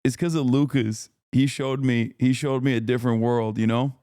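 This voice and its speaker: A man's voice: medium pitch, fairly even intonation, normal speed, mellow, clear, resonant tone, no room sound, studio quality. A man hosting a casual livestream, talking back to his chat in a profane, ranting way and laughing often. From lives in California. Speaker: livestream host.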